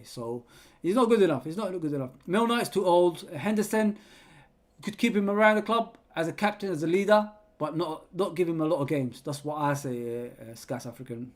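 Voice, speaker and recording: A man hosting a live football watch-along, excitably calling the play, yelling at players and chatting with viewers. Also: a little high, a little fast. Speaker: fan channel host reading live chat.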